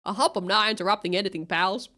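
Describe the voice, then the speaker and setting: A woman voicing a gruff, bumbling male detective who keeps calling people pal. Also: mid-range voice, fast talker, bright, forceful tone, pitched below the performer's own voice, close to an everyday voice. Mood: grumbling.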